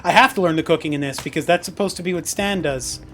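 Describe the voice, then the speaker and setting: A man's voice: fairly high pitch, fast talker, a bit bright, slight background noise. A man streaming a game, chatting casually, laughing often and swearing offhandedly. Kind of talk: casual chat while gaming.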